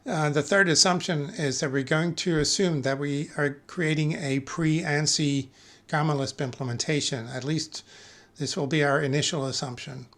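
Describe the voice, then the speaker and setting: A man giving a technical lecture as a conference speaker, measured and careful, pausing often with fillers and correcting himself mid-word. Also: fairly high pitch, steady tone, fairly bright tone. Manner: measured, with frequent filler pauses and self-corrections.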